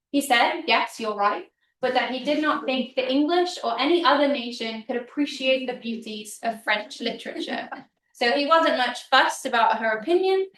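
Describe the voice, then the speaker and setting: A woman's voice: a little high, a bit bright, recorded from a distance. A woman lecturer giving a public history talk in a casual, chatty manner with frequent ums. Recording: roomy hall, speaker off-mic.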